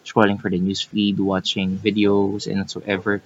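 A man's voice: lowish voice, monotone, normal speed, lo-fi sound, a loud crowd. A man co-hosting a casual podcast chat, teasing and restarting his sentences as he talks. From Philippines. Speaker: co-host.

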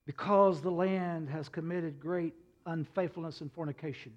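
A man preaches with a high-pitched voice, dropping low and quiet, then building to loud bursts. He fills his pauses with "uh". The sound is dull and lo-fi, like an old church recording. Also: fairly even intonation. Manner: preaching with swings from quiet to loud, frequent "uh" fillers. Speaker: pastor. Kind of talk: sermon.

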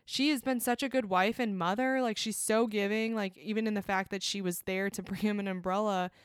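A woman's voice: mid-range voice, fairly even intonation, a little fast, smooth, no echo, clean studio sound. A young woman in casual chat, reflecting on a TV drama in a thoughtful way, with many fillers.

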